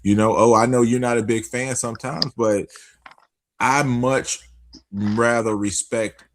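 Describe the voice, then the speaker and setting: A man's voice: medium pitch, fairly even intonation, measured pace. A man on a political talk stream, making his points emphatically. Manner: emphatic, argumentative.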